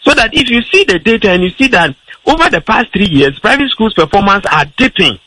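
On a rough, dry recording with no room sound, a man speaks in a high, sing-song voice that's brisk, pushed and bright with a breathy edge. As a radio talk show guest and father of a school-age child, he argues firmly, restarting and using fillers constantly.

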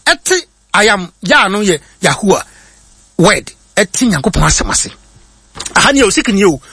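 A man with a Ghanaian accent teaching in sermon style, reading quotes slowly and then explaining them in quick bursts with many hesitations. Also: sits high, sing-song, bright, forceful tone, breathy edge. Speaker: preacher. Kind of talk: sermon-style teaching, mixing English and Twi.

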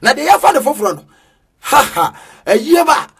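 A man with a Ghanaian accent preaching a sermon in a sing-song cadence with sudden shouts. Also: very high-pitched, big pitch swings, normal speed, gravelly.

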